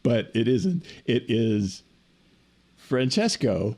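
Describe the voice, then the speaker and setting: A man spins a funny travel story on a podcast in a casual, animated way, laughing as he goes. His pitch swings widely as he talks. He speaks over a remote call. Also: slow. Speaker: podcast co-host.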